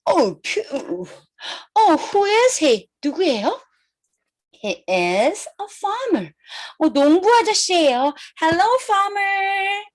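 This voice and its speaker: A woman, telling a playful children's story as a kindergarten teacher, animated and full of gasps and animal sounds. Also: very high voice, a little fast.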